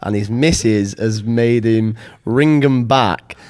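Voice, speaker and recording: A man with a mid-range voice cutting into a podcast chat to tell a story. He sounds eager and quick to jump in. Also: medium pitch, a little mellow, dry recording. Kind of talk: casual chat.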